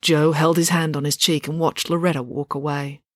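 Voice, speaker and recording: A woman reading a children's chapter book aloud, steady and expressive. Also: sits low, normal speed, no room sound, clean studio sound. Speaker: storyteller.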